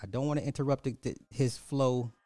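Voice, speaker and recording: A man's voice: mid-range voice, brisk, dark tone, no room sound, clean studio sound, soft background music. A man giving reaction commentary, rambling and trailing off mid-sentence.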